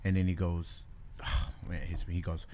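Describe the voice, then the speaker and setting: A man's voice: sits low, brisk, slight background noise. A man speaking as a guest in a casual faith conversation, telling a story animatedly and acting out the voices of the people in it. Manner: animated storyteller who acts out quoted voices.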